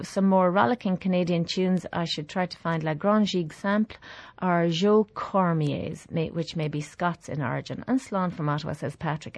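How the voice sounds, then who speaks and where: A man's voice: sits high, dry recording. Chatty radio presenter man. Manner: chatty, hesitant, reading listener emails.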